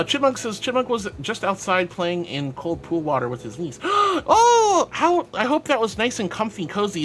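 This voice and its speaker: A man's voice: sits high, a bit bright. A man streaming live and reading out chat, bubbly and affectionate, calling viewers sweetie.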